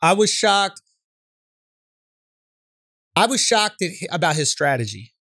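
A male podcast co-host in casual comedic chat, animated and swearing, often tagging "right?" onto his points. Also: high voice, slow, dry recording, studio quality.

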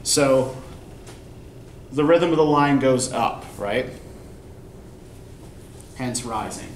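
A man's voice: medium pitch, very slow. A male college English instructor giving a classroom lecture, explaining step by step and checking in with "right?". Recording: echoey classroom from far off, faint noise.

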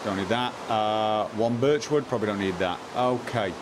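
A man streaming live gameplay, muttering to himself, repeating lines and breaking into excited outbursts. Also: lowish voice, moderate pace, noisy background.

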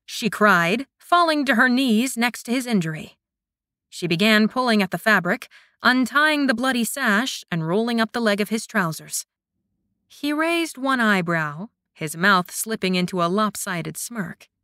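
A woman narrating an audiobook in a measured, scripted reading. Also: mid-range voice, lively intonation, pushed and bright, dry recording, studio quality.

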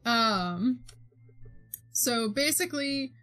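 Slow-talking young woman rambling on stream. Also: a little high, expressive, sharp tone, soft background music. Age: young adult. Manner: rambling, filler-heavy recap with frequent laughs. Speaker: streamer and game master. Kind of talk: casual chat while drawing on stream.

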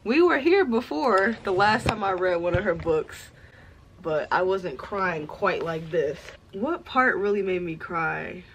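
A woman's voice: on the low side, lively intonation, a little slow, background noise. A young woman vlogger, crying as she talks to camera and repeating herself. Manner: tearful, emotional, repeats herself. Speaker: book vlogger. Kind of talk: casual vlog talk to camera.

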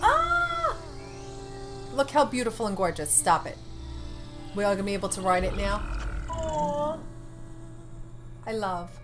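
A young woman commentating her video game playthrough, excitable and emotional, swearing casually. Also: medium pitch, fast talker. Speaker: gaming streamer. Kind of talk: let's play commentary. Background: game music.

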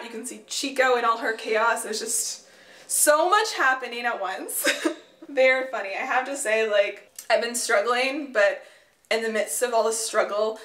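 Young woman, casual home vlog, slightly high voice, roomy echo, rambling chatter. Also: sharp tone. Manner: rambling, many "like" fillers, laughs often. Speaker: vlogger. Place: room at home. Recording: echoey home room.

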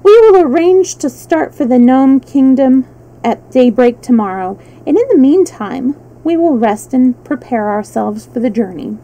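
Young fairy princess, as a woman reads her, gracious, composed, warm mellow. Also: sits high, expressive, a little slow, lo-fi sound, exaggerated voice.

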